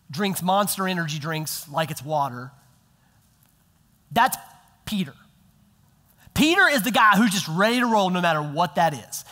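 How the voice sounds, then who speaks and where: High-voiced male pastor, animated sermon. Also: big-room sound. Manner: conversational, animated, acts out quotes.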